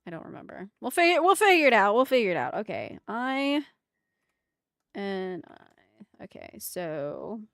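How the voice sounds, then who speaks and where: A woman's voice: mid-range voice, big pitch swings, moderate pace, creaky, dry recording, studio quality. A woman streamer chatting casually with her viewers while drawing emotes, giggling often and calling out exclamations. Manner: giggly and exclamatory, talks to chat.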